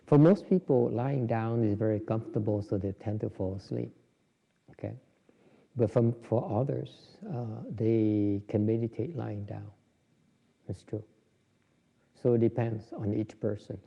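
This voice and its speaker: Gravelly-voiced man teaching meditation, reverberant hall. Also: on the low side, fairly even intonation, measured pace. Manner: joking, conversational, many restarts. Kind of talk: informal dharma talk. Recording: dull lo-fi recording in a reverberant hall.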